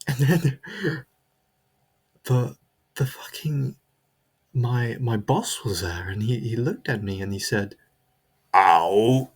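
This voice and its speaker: A man's voice: mid-range voice, slow pace, pauses often, darkish tone, slightly rough. A man delivering a comedic character monologue, rambling and stammering, repeating himself as he justifies himself.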